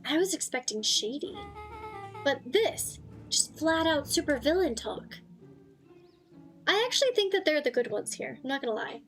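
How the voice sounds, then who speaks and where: A woman streaming a story game in casual chat, reacting loudly and swearing freely, her voice a little tired and strained. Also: high-pitched, very animated, normal speed, long pauses, faint music behind. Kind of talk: casual gaming livestream chat.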